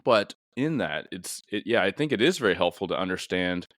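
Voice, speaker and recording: A man's voice: low voice, lively intonation, brisk, a bit bright, no room sound, studio quality. A man hosting a casual interview conversation, a police officer, thoughtful and rambling with many fillers. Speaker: podcast host and police officer.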